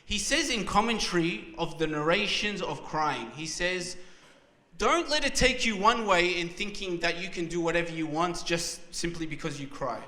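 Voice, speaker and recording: At a community religious program in a large hall, a man delivers an emotional, passionate sermon and keeps restarting his words. His high-pitched voice is bright and forceful at normal speed, and the hall reverb echoes around it.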